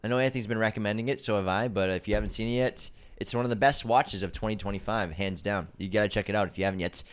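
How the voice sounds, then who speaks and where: A man's voice: on the low side, fast talker, clear, resonant tone. A man co-hosting a movie podcast in casual chat, playful and upbeat as he reads reviews aloud. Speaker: podcast co-host.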